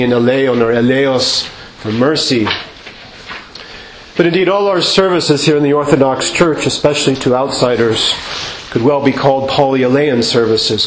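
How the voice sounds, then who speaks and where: A male priest giving a measured sermon in a church, asking rhetorical questions and singing out quoted refrains. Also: medium pitch, noisy background. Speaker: Orthodox priest. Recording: echoey church with faint ambience.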